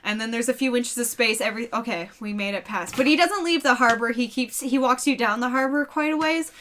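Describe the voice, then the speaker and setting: A woman's voice: a little high, brisk, fairly bright tone, a little hiss or hum. A young woman narrating as dungeon master, talking casually with lots of fillers. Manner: casual, filler-heavy, giggly. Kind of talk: narrating a tabletop game.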